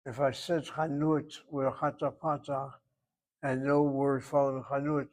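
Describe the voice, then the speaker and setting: A man's voice: medium pitch, flat delivery, moderate pace, a little mellow, low-quality recording. Opinionated male Hebrew teacher explaining grammar. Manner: emphatic, opinionated, explains step by step. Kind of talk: classroom grammar lesson.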